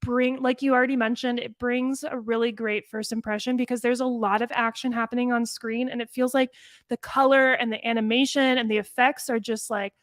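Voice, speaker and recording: A woman co-hosting a casual review podcast, talking in quick, animated bursts and peppering her sentences with "like". Her voice sits a little high, and the sound is dry and close, with no room echo. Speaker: podcast co-host.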